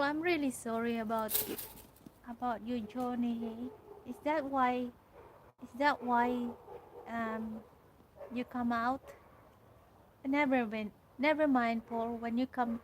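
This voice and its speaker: Woman host, slow halting outdoor livestream chat, somewhat high voice, faint outdoor ambience. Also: slight background noise, rough recording. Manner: chatty, halting, restarts often while reading comments aloud. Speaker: livestream host reading viewer comments. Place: garden outdoors.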